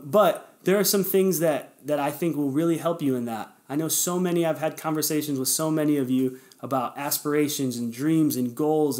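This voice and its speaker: In this casual motivational podcast, the male host speaks in a mid-range, somewhat dark voice. He talks earnestly and directly to his listeners, cheering them on, and his delivery wanders with fillers and self-corrections.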